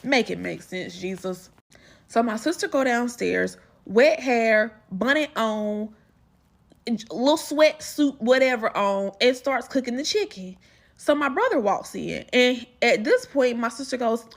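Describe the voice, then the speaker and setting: A woman's voice: a little high, animated, measured pace, gravelly. A woman telling a family holiday story in a casual storytime, chatty and full of asides.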